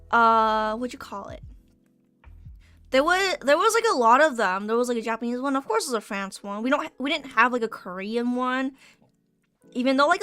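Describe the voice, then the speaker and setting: Recovering from an illness, a young woman streamer talks while drawing, her voice a little high, bright, forceful, clear and resonant in a dry recording. The chat is loose and rambling, full of restarts and casual cursing.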